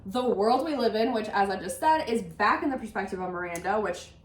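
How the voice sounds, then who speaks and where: A woman co-hosting a book podcast, talking casually and getting animated and exasperated, with lots of "like". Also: medium pitch, brisk. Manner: animated, exasperated ranting with frequent "like". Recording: roomy echo.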